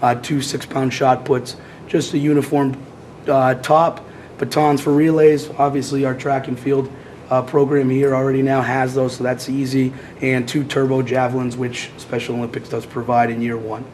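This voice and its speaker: A hoarse man with a cold presenting as athletic director at a public meeting, halting with many fillers. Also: medium pitch, level tone, darkish tone, a little hiss or hum, rough recording.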